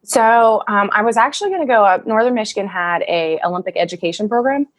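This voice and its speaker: Emotional and laughing, the thirty-something wrestler fills her personal stories with fillers during a relaxed interview. She speaks fast in an expressive mid-range voice, and there's no room sound.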